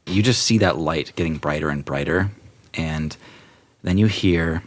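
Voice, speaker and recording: A man narrating as game master of a tabletop role-playing game, relaxed and often laughing as he describes scenes. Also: deep voice, moderate pace.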